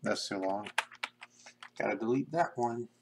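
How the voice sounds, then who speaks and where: A young man casually talking to himself in a flat monotone while drawing pixel art on a live stream. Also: fairly low pitch, unhurried, slight background noise. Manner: mumbling to himself, self-described monotone. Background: keyboard typing and clicking.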